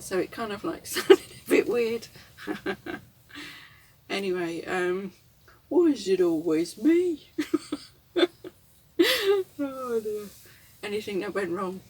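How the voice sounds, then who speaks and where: A woman's voice: medium pitch, a little hiss or hum. Rambling woman, distant mic. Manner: rambling, chuckles often, candid. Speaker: vlogger. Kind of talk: reflective casual monologue. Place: inside a camper van.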